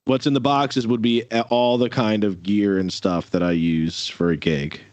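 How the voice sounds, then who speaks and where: A man's voice: on the low side, fairly even intonation, normal speed, a little mellow, no room sound. A man in a casual interview chat, rambling with many fillers and restarts over a video call. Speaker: musician guest. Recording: dull lo-fi audio.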